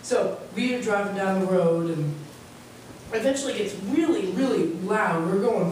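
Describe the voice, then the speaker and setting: A man's voice: sits high, animated, moderate pace. A teenage boy performing a stand-up set, telling rambling stories with many restarts. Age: teens. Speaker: stand-up comedian. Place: stage in a hall with an audience. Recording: echoey room from far off with noise.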